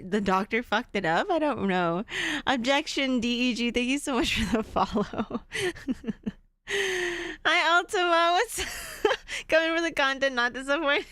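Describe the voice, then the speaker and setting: A chatty woman game streamer who laughs often and greets her viewers as she plays. Her voice is fairly high and swoops around a lot. The sound is dry and close, with faint music in the background. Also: pushed and bright, clear, resonant tone, no room sound. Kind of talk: casual gameplay commentary.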